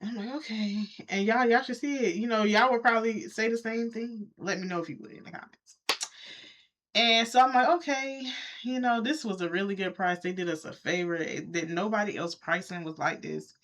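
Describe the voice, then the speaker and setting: A woman vlogging to her viewers in a loose, chatty storytelling way. She talks straight to the audience and her voice leaps up when she acts out what people said. Her pitch sits in a middle range. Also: brisk. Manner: animated, talks straight to viewers, jumps high when quoting. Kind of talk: casual storytelling to camera.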